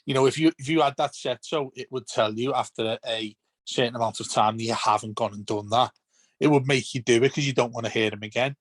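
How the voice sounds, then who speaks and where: A man's voice: mid-range voice, quick pace, no room sound. Rambling man on a podcast. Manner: rambling, repeats words when starting sentences. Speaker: podcast guest. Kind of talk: casual podcast chat.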